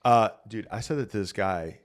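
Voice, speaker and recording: A man's voice: lowish voice, normal speed. A man, a pastor, talking casually and earnestly on a podcast, telling stories with many filler words.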